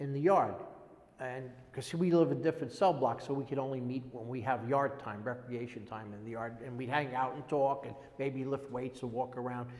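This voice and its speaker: A man in his sixties, an interviewee giving a halting, earnest personal testimony and often repeating words as he goes. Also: medium pitch, darkish tone. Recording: long echoey reverb.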